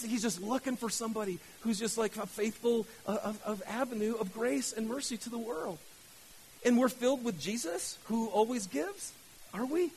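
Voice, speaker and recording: A man's voice: extremely high pitch, a little fast, husky, low-quality recording. A man preaching a sermon as pastor, fired up and often restarting his words. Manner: fired-up, repetitive, stammering restarts.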